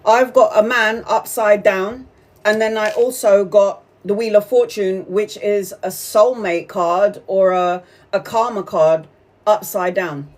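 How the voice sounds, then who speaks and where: A woman's voice: medium pitch, steady tone, slow. Chatty woman reading tarot. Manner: chatty, swears freely, laughs often. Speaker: tarot reader. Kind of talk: live-stream tarot reading, casual chat.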